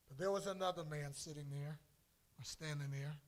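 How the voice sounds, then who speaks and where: A man preaching a sermon as pastor in a church, swinging from soft lines to loud, drawn-out calls. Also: a little high. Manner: preaching with sudden loud swells and drawn-out words. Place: church sanctuary.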